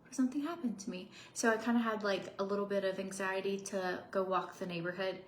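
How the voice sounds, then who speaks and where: A woman's voice: medium pitch, steady tone, fast, slight background noise. A woman in her thirties vlogging from her home office, chatting casually and bubbly with frequent laughs and rambling asides. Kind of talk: casual chat to camera. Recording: echoey room with faint background ambience.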